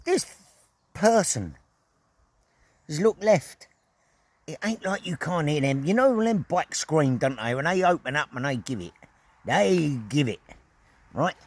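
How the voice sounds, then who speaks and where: A middle-aged man vlogging outdoors at an evening camp, telling a story in a casual, animated way, full of slang, swearing and sound effects. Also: a little high, a little slow, pauses often.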